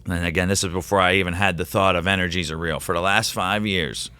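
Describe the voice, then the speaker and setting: A man who teaches, telling a rambling, excitable story as a podcast guest. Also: low voice, fast, clear, resonant tone, dry recording. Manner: rambling, excitable, quotes himself in animated voices. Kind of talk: casual storytelling in a podcast interview.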